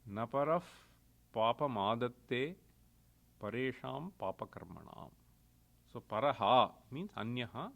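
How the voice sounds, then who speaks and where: A man's voice: on the high side, fairly bright tone. A middle-aged man giving a lecture as a professor, retelling stories with chuckles and explaining Sanskrit terms.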